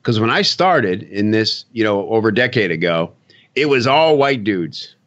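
A man's voice: on the low side, lively intonation, normal speed, a bit bright, lo-fi sound. A man co-hosting a podcast, talking loosely and casually with plenty of fillers. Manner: loose, conversational, many fillers. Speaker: podcast co-host.

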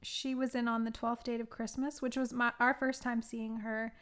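A woman co-hosting a movie review podcast, playful and quick to laugh in casual chat. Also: on the high side, level tone, fairly bright tone. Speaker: podcast co-host.

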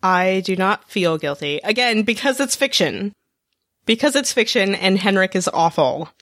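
A woman's voice: medium pitch, lively intonation, a bit bright, dry recording, clean studio sound. Blunt woman recapping a TV episode. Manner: blunt, emphatic, quick asides. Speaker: podcast co-host. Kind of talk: casual TV recap chat.

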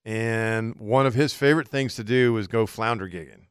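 A man co-hosting a fishing talk show, telling an animated story and laughing through it. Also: lowish voice, normal speed, clean tone, dry recording, studio quality. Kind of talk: casual storytelling chat.

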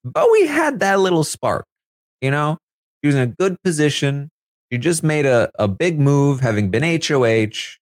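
A man's voice: mid-range voice, normal speed, no room sound, studio quality. A man hosting a casual recap of a reality show, chatty and full of fillers, laughing as he talks. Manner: chatty, filler-heavy, laughs while talking. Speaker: live feed recap host.

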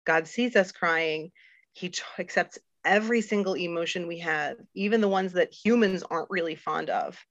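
A woman's voice: on the low side, normal speed, dry recording. A middle-aged woman, a guest on a faith podcast, talking candidly and earnestly with many fillers and restarts. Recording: dull lo-fi dry recording.

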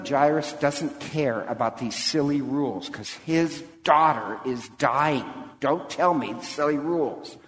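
A man, a priest, retelling a Bible story in a sermon, animated and full of acted-out quotes. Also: mid-range voice, big-room sound, low-quality recording. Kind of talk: sermon-style Bible teaching.

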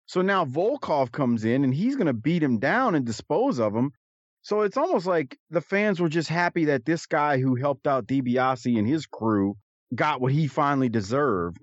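A man's voice: a little high, lively intonation, moderate pace, no echo. A man hosting a casual chat about old wrestling, rambling and correcting himself as he goes. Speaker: podcast co-host. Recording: slightly dull dry mic.

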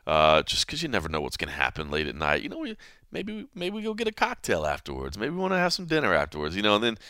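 A man hosting a podcast, telling a story in a casual, animated way, full of fillers like "man" and "you know", acting out the people he quotes. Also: lowish voice, fast, dry recording, studio quality. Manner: animated storyteller who acts out quoted voices. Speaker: podcast host.

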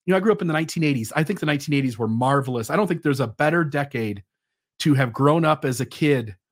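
A man's voice: a little high, animated, fast. A man in his forties, a podcast guest who explains his ideas thoughtfully and with some fillers. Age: 40s. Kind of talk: conversational interview.

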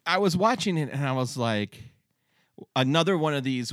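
A man co-hosting a casual podcast chat, jokey and animated. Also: on the high side, normal speed, dry recording, clean studio sound. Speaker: podcast co-host.

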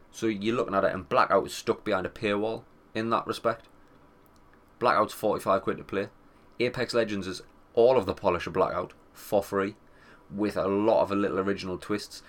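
Young man, casual gaming chat, slightly low voice, sweary, wry, rambling. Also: a bit bright. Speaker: gaming commentator.

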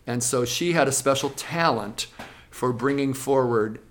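A music teacher explaining classroom methods in an interview, lively and now and then acting out classroom voices. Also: mid-range voice, a little slow, slight background noise.

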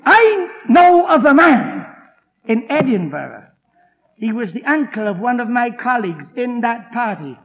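A man with a very high voice preaches to a congregation, driving his points home with emphatic force. He tells stories from the pulpit and acts out the people in them. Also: very animated, measured pace, creaky, fairly bright tone, rough recording. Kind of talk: evangelistic sermon with storytelling.

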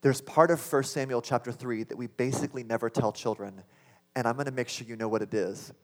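A man's voice: medium pitch, fairly even intonation, brisk. A man preaching a sermon, earnest and building to impassioned exclamations. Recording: long hall reverb.

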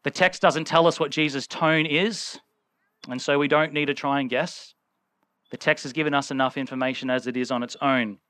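A man preaches with a bright, clear voice pitched a little high for a man. He talks loosely and conversationally, acting out the people in his story. The sound is close and dry. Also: dry recording. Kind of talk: sermon.

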